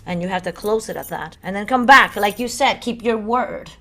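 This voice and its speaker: A woman's voice: medium pitch, moderate pace, bright, forceful tone. A woman co-hosting a casual spiritual podcast, talking earnestly and dramatically and sometimes acting out voices. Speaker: podcast co-host.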